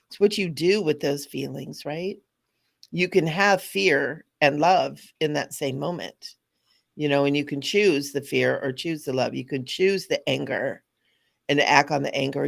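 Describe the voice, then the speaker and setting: A woman's voice: low voice, vocal fry. A middle-aged woman, a spiritual teacher, talking earnestly in a casual spiritual chat, laughing often.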